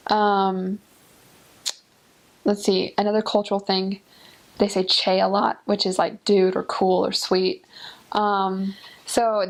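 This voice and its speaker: Woman, casual chat, gravelly, lots of filler words. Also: mid-range voice, darkish tone. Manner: chatty, many "like" fillers, acts out quotes. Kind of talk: casual chat about culture.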